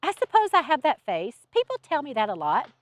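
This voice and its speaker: This is an earnest young woman, an angel in training, with a Southern accent and a pleading, apologetic way of talking, as a woman storyteller puts her on. Her voice sits high and swings widely through each line. It is a close, dry recording. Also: huge pitch swings, a little fast, no room sound.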